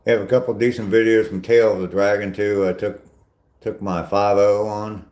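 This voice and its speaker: A man's voice: fairly low pitch, level tone, normal speed, darkish tone, roomy sound. An older man hosting a casual live stream on a walk, chatting with viewers in a rambling, self-deprecating way. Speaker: vlogger reading live chat.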